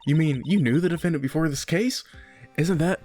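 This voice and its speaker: A man voicing a calm woman lawyer mentor in a video game play-through, in a measured, lowered delivery. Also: faint music behind, close to an everyday voice. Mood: composed.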